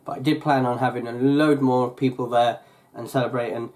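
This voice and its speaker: Young male vlogger, mid-pitch, chatty and meandering, lots of fillers and self-corrections. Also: steady tone, a little fast, darkish tone. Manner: rambling, full of fillers and restarts. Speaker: YouTuber. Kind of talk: casual vlog chat.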